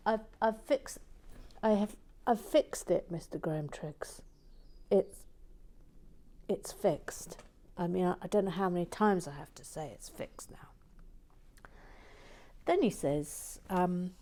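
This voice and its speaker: A woman hosting a brick-building channel, reading out viewer messages in a playful, sassy, theatrical way with hushed asides. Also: on the low side, expressive, unhurried.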